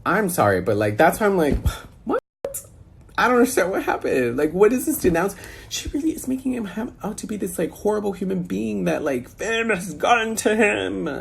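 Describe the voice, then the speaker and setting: A man's voice: sits high, animated, moderate pace, creaky, slight background noise. A man chatting casually over a phone call, reacting to a video in an incredulous, sassy way.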